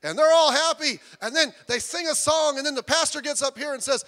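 A man preaching a sermon, telling jokey, animated stories that build up to loud emphasis. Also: very high-pitched, brisk, few pauses, long reverb tail. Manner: animated storytelling with jokes, rising to loud emphasis. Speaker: pastor.

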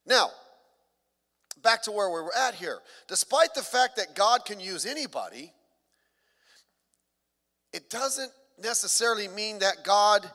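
High, bright-voiced man preaching. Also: long reverb tail. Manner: conversational, joking asides, repeats words. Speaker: pastor. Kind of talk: sermon.

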